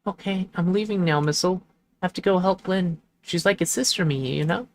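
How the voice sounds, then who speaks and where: A caring young woman, voiced by a man who talks softly to her dog as she heads out. The voice is lifted a little higher than his own. It stays gentle and plain. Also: a little fast.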